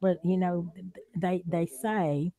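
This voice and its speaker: A woman's voice: on the low side, steady tone, takes it slowly, warm tone. A woman with a Southern accent, hosting a casual livestream chat from home, talking in a loose, drawling way and laughing often. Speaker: livestream host.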